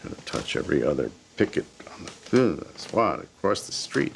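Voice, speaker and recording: A man's voice: a bass voice, very animated, fairly quick, vocal fry, hardly any pauses, a little hiss or hum. A man being interviewed for a documentary, telling stories in a blunt, emphatic way.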